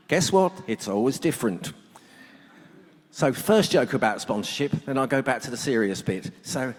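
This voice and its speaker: Here a middle-aged man speaks at normal speed in an expressive, mid-range voice, delivering a humorous talk to a workshop audience. He's a blunt storyteller who likes to joke, recorded in a conference hall with long reverb.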